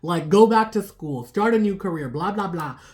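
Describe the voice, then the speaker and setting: A woman's voice: lowish voice, animated, moderate pace, darkish tone. A woman giving a casual tarot reading to her viewers, rambling with lots of "like" fillers and laughing at herself. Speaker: tarot reader.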